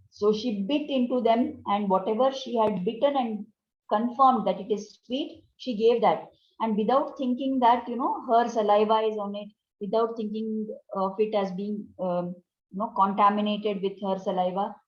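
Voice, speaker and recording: A woman's voice: mid-range voice, a little mellow. A woman giving a devotional talk on scripture as a spiritual teacher, explaining in a conversational way and often asking her listeners questions. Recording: roomy, dull lo-fi recording.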